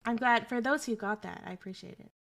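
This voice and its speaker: Young female streamer, casual and sarcastic, bantering with chat in a fairly high voice. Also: fast talker, vocal fry, a bit bright. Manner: sarcastic, joking, answers chat.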